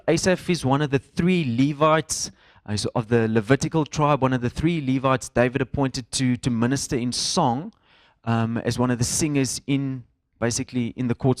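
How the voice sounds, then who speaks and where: Male pastor, 30s, mid-pitched, relaxed conversational sermon, dry close sound. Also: dry recording. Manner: conversational, with fillers and mixed-in Afrikaans phrases. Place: church in front of a congregation.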